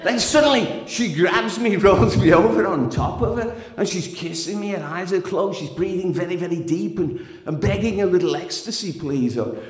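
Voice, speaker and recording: A man's voice: high-pitched, normal speed, hardly any pauses. A man performing a frank spoken-word story with a wry, emotionally swinging delivery. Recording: echoey hall.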